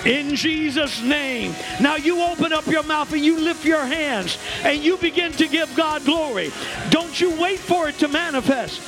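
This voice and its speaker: A male bishop preaching a sermon in a church, leading the congregation through call-and-repeat declarations that swell into shouts. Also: very high-pitched, unhurried, over music. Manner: joking asides to the congregation. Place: church sanctuary.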